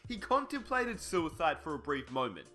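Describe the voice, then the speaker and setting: A male narrator tells a sports story in a scripted documentary read. His voice is bright and forceful, with a fairly high pitch that swings a lot. Soft background music runs underneath. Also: big pitch swings, moderate pace.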